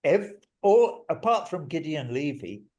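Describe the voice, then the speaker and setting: A man's voice: fairly high pitch, sing-song, measured pace, a little mellow. An older man, a musician guest in an interview, telling stories in a rambling, emphatic way and swearing now and then. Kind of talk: interview storytelling.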